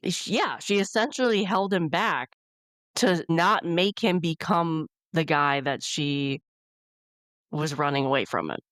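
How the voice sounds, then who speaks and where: Low-voiced woman podcast co-host. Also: unhurried, fairly bright tone, dry recording, clean studio sound. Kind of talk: casual review chat.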